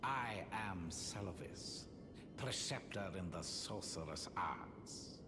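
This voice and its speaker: Condescending upper-class British sorcerer, video game, lowish voice, slow and measured, with music behind. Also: male voice, lively intonation. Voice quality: snooty, condescending. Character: haughty elitist male sorcerer tutor. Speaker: game character.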